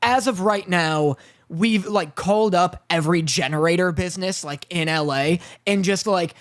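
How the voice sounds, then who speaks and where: A man's voice: sits high, moderate pace. A man co-hosting a podcast who tells a story in a rambling, stuttering way with nervous laughs, in a state of mild panic. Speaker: podcast co-host. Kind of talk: casual storytelling chat. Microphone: phone recording a live stream.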